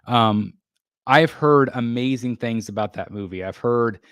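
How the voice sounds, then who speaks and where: A man's voice: mid-range voice, a little slow, smooth, no room sound, studio quality. Chatty man hosting a collector livestream. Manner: rambling, many fillers and restarts. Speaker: livestream host. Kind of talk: casual live chat reading viewer comments.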